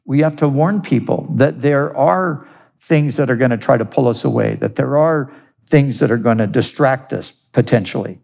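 A man preaching a sermon, earnest and deliberate, stressing key words through repetition. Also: medium pitch, gravelly, a little mellow. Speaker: pastor.

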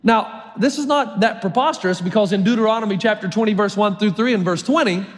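A man's voice: high-pitched, a little fast, long reverb tail. A male pastor preaching a sermon, telling the story with acted voices and emphatic repetition.

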